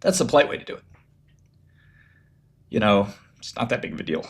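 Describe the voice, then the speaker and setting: A man's voice: fairly low pitch, big pitch swings, brisk. Blunt, profane man chatting casually. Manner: blunt and profane, laughs often, acts out quoted people. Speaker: streamer talking about business. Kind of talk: casual livestream chat.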